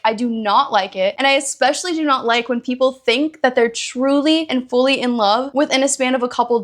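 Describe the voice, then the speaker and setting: A young woman vlogging casually and candidly about a book she is reading, with strong opinions. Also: sits high.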